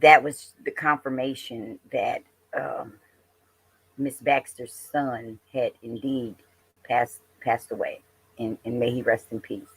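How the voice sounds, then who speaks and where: A woman's voice: extremely low pitch, steady tone, slow pace, husky. A woman hosting a casual reaction commentary, chatty and talking straight to her viewers. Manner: chatty, addresses viewers as y'all and honey. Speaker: host reacting to a clip.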